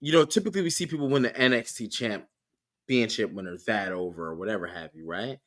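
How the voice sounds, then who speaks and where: A man's voice: lowish voice, brisk. A young man co-hosting a podcast, casually analysing wrestling and thinking aloud with many restarts and questions. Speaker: podcast co-host.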